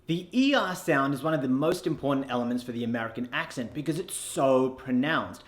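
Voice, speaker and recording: A man's voice: mid-range voice, expressive, brisk. An Australian man teaching an accent lesson, demonstrating sounds through repeated drills. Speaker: accent coach.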